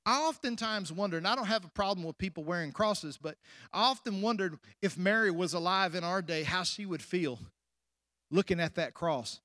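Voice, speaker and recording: A man preaching a sermon, asking the congregation questions, rushing ahead at times and then slowing and dropping to hushed endings. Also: high-pitched, dry recording, studio quality. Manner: preaching with sudden rushes and drawn-out, hushed endings. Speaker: pastor.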